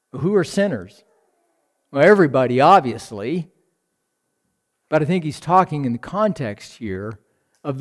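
A man preaching a devotional sermon, reflective and unhurried, building to fervent emphasis and sighing audibly. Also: medium pitch.

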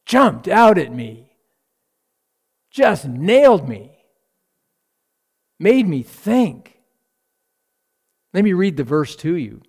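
A man preaching a devotional sermon, reflective and unhurried, building to fervent emphasis and sighing audibly. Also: medium pitch.

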